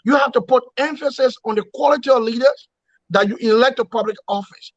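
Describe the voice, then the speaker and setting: A man with a high-pitched voice makes his case in an interview. He speaks like an orator, repeating phrases and firing rhetorical questions. The sound is dry and dull, with no room echo. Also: brisk. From Liberia. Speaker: opposition movement leader, guest. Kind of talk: political interview.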